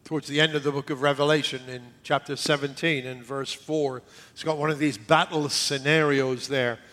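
A middle-aged man preaching a sermon earnestly, repeating key words and often dropping to a hushed near-whisper. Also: mid-range voice, fairly even intonation, moderate pace. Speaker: pastor.

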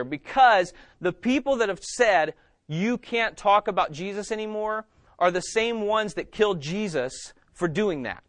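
A man's voice: high voice, no room sound, clean studio sound. A man, preaching a sermon as pastor in a church and putting questions to the congregation. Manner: animated, asks the congregation questions.

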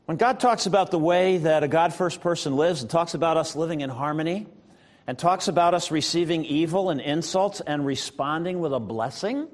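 A man's voice: a little high, normal speed. A man preaching a sermon as pastor, talking in a conversational way with frequent fillers as he retells scripture.

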